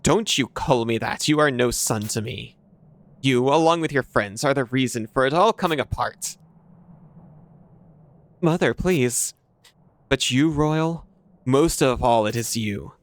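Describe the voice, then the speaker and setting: A man's voice: mid-range voice, a little slow, long pauses, natural voice. A man voicing a cold, imperious mother who rules a city, speaking in a stately, formal and condescending way while reading game dialogue aloud. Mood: cold fury.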